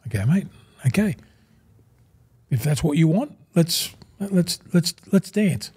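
A man's voice: fairly high pitch, big pitch swings, slow, darkish tone, slightly rough. A man in his sixties with an Australian accent, a guest in a casual interview, telling rambling stories, acting out old conversations and calling the host "mate" at every turn. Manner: rambling, calls the host 'mate' constantly, acts out old conversations. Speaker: guest, former rugby league front rower.

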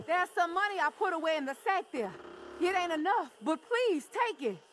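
An actress voicing a spirited frontier woman living in a swamp, dramatic and sharp-tongued, in a western game. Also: extremely high pitch, animated, fairly quick, a little hiss or hum. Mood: relieved.

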